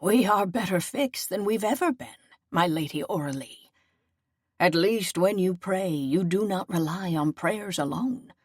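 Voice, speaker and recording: Woman voicing an old wounded seneschal, low, solemn and fatherly, for an audiobook, dry recording. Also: lively intonation, unhurried, slightly rough, no room sound. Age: older. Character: aging wounded male seneschal, gentle and loyal.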